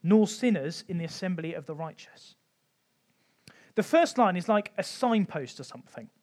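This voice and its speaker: A man giving an informal Bible teaching talk, conversational with light humour and frequent pauses. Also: sits high, animated, darkish tone. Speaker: church teacher.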